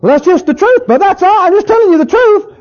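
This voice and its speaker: A man's voice: very high-pitched, animated, quick pace, voice pushed up. Figure: smug self-righteous preacher as a man mimics him. Sound: dull, lo-fi. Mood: dismissive. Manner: dismissive, self-justifying. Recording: dull lo-fi recording.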